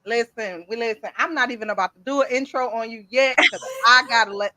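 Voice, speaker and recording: Brief: woman host, lively live-stream banter, slightly high voice, dead-dry sound. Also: quick pace, dry recording. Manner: hyped, playful, talks to viewers. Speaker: podcast host. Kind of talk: casual live-stream chat. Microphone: streaming setup.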